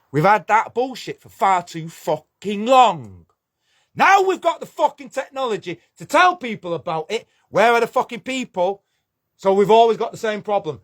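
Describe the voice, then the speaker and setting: A man's voice: high voice, very animated, measured pace, fairly bright tone. A man ranting angrily to camera, swearing and confrontational. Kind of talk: angry video rant.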